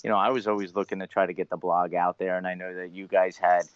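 A man with a Long Island accent co-hosting a casual sports podcast, relaxed and full of "you know" fillers. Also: low-pitched, fast, clean tone, no echo. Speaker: podcast co-host and blogger. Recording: dull, dry lo-fi mic.

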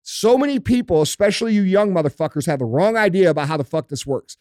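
A man's voice: sits high, expressive, fast, a little mellow, no echo, clean studio sound. A middle-aged man on a podcast, talking in a blunt, emphatic, profanity-heavy rant. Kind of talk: casual podcast chat.

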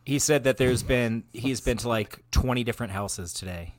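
A man's voice: mid-range voice, moderate pace, no room sound, studio quality. A man co-hosting a podcast, chatting casually and laughing often with friends. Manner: laughs often, lively swearing banter. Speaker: podcast co-host. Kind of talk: casual chat.

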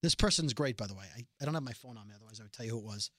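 A man's voice: medium pitch, rapid-fire, sharp tone, no echo, clean studio sound. A man co-hosting a podcast in casual chat, rambling with frequent restarts. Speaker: podcast co-host.

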